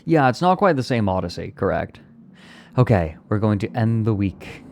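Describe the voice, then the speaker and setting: A man's voice: lowish voice, very animated, normal speed, a little hiss or hum. A man streaming live, chatting casually and playfully with his viewers and answering their comments as he rambles along. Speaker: livestreamer.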